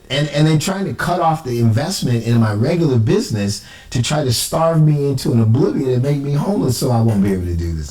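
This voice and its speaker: A man's voice: mid-range voice, a little mellow, roomy sound, distant mic, rough recording. A man, an amateur cipher investigator, talking in an emphatic, indignant personal monologue. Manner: emphatic, indignant, quotes others in exaggerated voices.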